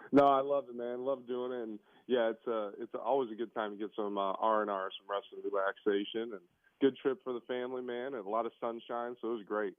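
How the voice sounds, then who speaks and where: Man, coach calling in, chatty and animated, mid-pitched, tinny phone line, dry. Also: fairly quick, no room sound. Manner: relaxed, chatty, animated when critiquing. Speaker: basketball coach, guest. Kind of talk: casual phone-in chat.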